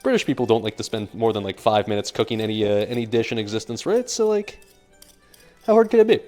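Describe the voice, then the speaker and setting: Brief: young American male streamer, cooking live, rambling jokey chat, low voice that swings widely, faint music underneath. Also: lively intonation, fast talker, a little mellow. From United States. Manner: rambling, joking, reads chat aloud.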